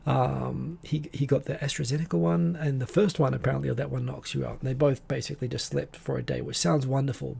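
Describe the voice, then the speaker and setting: A man's voice: medium pitch, creaky, dark tone, husky. A man hosting a live stream, chatting casually and rambling as he greets viewers by name. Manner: rambling, reads viewer names aloud.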